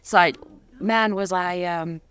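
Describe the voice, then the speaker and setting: A middle-aged woman from Zimbabwe, a guest telling her story in a rambling way with many pauses and laughs. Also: on the low side, fairly even intonation, a bit bright, smooth. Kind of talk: casual interview chat.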